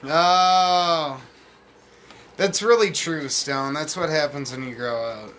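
A man hosting a podcast in easygoing, foul-mouthed chat that breaks into laughter. His voice sits a little high with a sharp, bright edge, and a faint hiss of noise sits under it. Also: slow pace. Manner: loose, profane and laughing. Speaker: podcast host. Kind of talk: casual chat.

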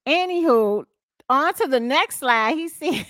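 A woman hosting a casual gossip show, talking things over with a co-host in a chatty, reactive way. Her voice sits a little high. The sound is dry and close, with no room around it. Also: animated, slow, a bit bright, dry recording. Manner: reacts with sighs and laughs, reads posts aloud with censored words. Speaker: podcast host.

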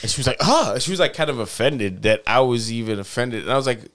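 A man co-hosting a podcast in casual chat, an animated storyteller who swears a lot and jumps into voices. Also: medium pitch, fast. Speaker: podcast co-host.

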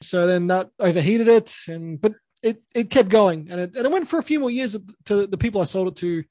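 High-voiced Australian man telling a story. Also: expressive, fairly quick, darkish tone, no room sound. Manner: rambling, many restarts and laughs. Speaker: podcast co-host. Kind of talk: casual storytelling.

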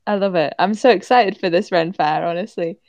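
A woman's voice: lowish voice, fairly quick, a little mellow, no echo. A woman chatting casually, gushing with enthusiasm and laughing often. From Britain. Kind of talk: casual chat.

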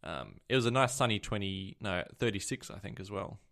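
Gravelly and low, this man co-hosts a casual tech chat a little fast, with steady vocal fry throughout. He rambles through his stories and stops mid-sentence to correct himself.

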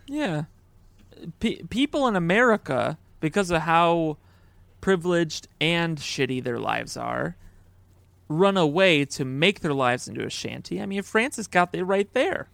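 Podcast co-host, rambling and chatty, gravelly voice, dry close sound. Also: mid-range voice, lively intonation, a little slow, a bit bright, no room sound. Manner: chatty, rambling, many "like" fillers. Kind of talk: casual podcast chat.

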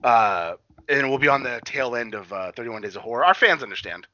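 A man co-hosting a podcast, chatting casually, excitable and joking, swearing a lot and calling his friend buddy. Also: medium pitch, a little fast. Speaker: podcast co-host. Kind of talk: casual chat. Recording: dry, dull lo-fi sound.

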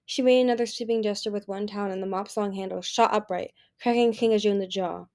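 A woman's voice: medium pitch, fairly even intonation, fast, mellow. A woman reading a fantasy novel aloud, voicing the characters' dialogue. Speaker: audiobook reader.

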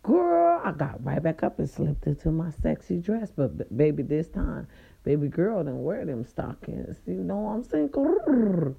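Animated woman telling a story, dull lo-fi sound. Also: sits low, normal speed, creaky, slightly rough. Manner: animated, profane, talks to viewers directly. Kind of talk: casual storytelling to viewers.

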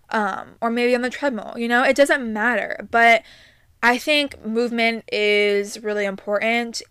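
A woman's voice: mid-range voice, fairly bright tone, clean tone, no echo, clean studio sound. A young adult woman hosting her own podcast, giving casual upbeat advice with many ums and likes. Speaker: podcast host.

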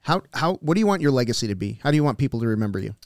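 A man's voice: mid-range voice, big pitch swings, very fast, dry recording, studio quality. A man hosting a casual podcast interview, asking questions hesitantly while searching for words. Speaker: podcast host.

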